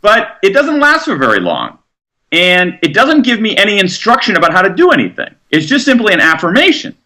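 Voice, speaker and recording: Animated man explaining research. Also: high voice, fairly quick. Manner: animated, explanatory, acts out quotes. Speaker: author guest. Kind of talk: interview.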